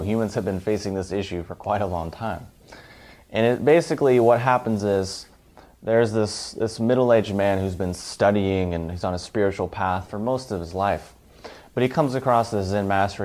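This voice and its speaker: Low voiced guy doing a self help talk, emphatic, lists stuff on and on. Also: a little mellow. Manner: emphatic, piles up long lists. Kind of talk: motivational talk.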